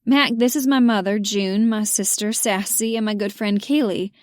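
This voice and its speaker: A woman's voice: mid-range voice, fairly even intonation, normal speed, no room sound, clean studio sound, lightly acted. A woman voicing a polite young Southern woman making careful introductions in an audiobook. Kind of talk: audiobook character voice.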